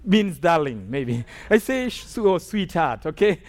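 A man's voice: a little high, big pitch swings, a little slow. A man from Rwanda preaching a sermon testimony, telling his story emphatically and checking in with the congregation. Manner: emphatic storytelling with call-and-response asides.

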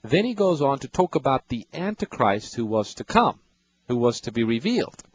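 A man's voice: medium pitch, very animated, moderate pace, breathy edge, no room sound, poor audio. A man hosting a radio Bible call-in show, patiently explaining scripture and reading verses to callers.

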